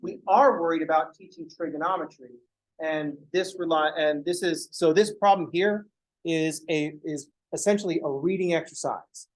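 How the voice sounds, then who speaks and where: A man's voice: fairly high pitch, moderate pace, poor audio. A man teaching math in a casual recorded lecture, joking and swearing freely.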